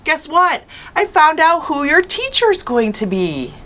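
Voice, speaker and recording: An excited mom calling up the stairs in a storybook, as a woman reader voices her, high and cheerful. Her voice is bright and lively. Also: measured pace, full character voice. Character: excited mother of three.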